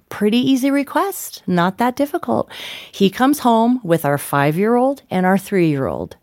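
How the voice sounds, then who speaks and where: A middle-aged woman, a guest author, telling stories casually in an interview, animated and laughing, acting out quoted voices. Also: mid-range voice, dry recording, studio quality.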